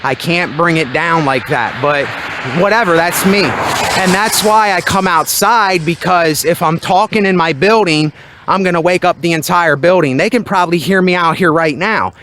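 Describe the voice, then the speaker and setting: A man with a high-pitched voice delivers a loud, emphatic motivational monologue. He is outside at night near his building, speaking close into a handheld microphone. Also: normal speed, a little hiss or hum. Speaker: vlogger.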